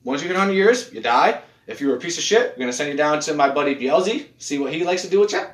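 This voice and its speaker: A man chatting casually as a podcast host, animated and profane, often restarting his sentences. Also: on the high side, quick pace. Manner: animated, swearing, restarts a lot. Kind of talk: casual chat. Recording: echoey room.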